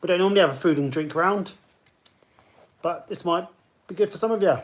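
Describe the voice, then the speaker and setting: A man's voice: sits high, brisk. A man hosting a live online pub quiz, chatting and greeting players by name as he reads questions. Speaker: quiz host.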